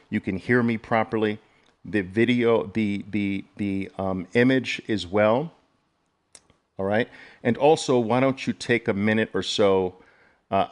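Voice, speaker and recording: A man hosting a live online trading session, talking with plenty of fillers and repeating phrases, at times excitedly. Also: lowish voice. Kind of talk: live webinar talk.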